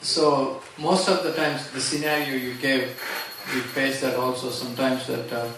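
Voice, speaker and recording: A man's voice: mid-range voice, level tone, normal speed. A man asking a hesitant question at a seminar, with many fillers. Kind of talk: spoken question from the floor. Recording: echoey hall, mic far off, noisy.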